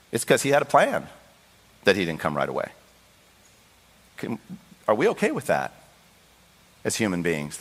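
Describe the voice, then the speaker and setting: A male pastor preaching a sermon with passion, acting out the voices in the Bible story and rising to high, pleading cries. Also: fairly bright tone. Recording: long hall reverb.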